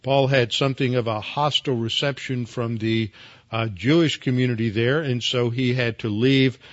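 Male pastor, mid-pitched, steady teaching sermon with fillers, recorded dry and a bit dull. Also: dry recording. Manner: measured teaching with frequent fillers and restarts. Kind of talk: expository Bible teaching.

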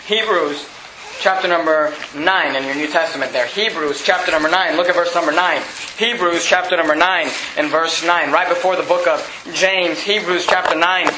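A man preaching a sermon in a church, emphatic and animated, reading verses and breaking off for jokes and asides. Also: on the high side, moderate pace, background noise. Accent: non-standard accent. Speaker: pastor. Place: church sanctuary. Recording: echoey church room.

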